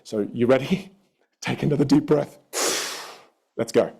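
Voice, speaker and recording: A man in his thirties with an Australian accent, coaching on voice in a playful, energetic stage-teaching manner. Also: mid-range voice, unhurried, gravelly, husky. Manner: animated, playful, emphatic. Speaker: voice and communication coach.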